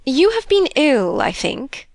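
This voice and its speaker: A woman's voice: high voice, huge pitch swings, slow, gravelly, no room sound, voice pushed up, full character voice. A woman voicing a fussy, inquisitive older lady of the manor in a storybook reading. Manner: doting, fussy.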